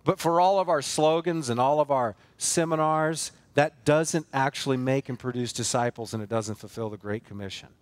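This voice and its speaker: A man's voice: mid-range voice, normal speed, few pauses, no room sound. A man preaching a sermon as pastor of a church, earnest and emphatic, building force through repeated phrases and rhetorical questions. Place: church sanctuary.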